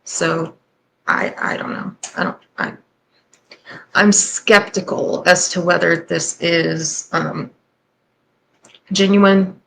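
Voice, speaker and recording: A woman with a fairly low voice hosts a reaction commentary. She talks candidly and with a sarcastic, skeptical edge. A faint hum of noise sits under her voice. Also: steady tone, slow, gravelly, long pauses, a bit bright, rough recording. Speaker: host and commentator.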